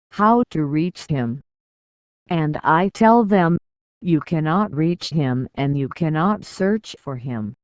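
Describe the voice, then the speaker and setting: A man reading a spiritual discourse as an audiobook, in a measured, deliberate way with long pauses between short phrases. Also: on the high side, darkish tone, clean tone, no room sound. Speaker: audiobook narrator. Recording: dull, slightly muffled dry recording.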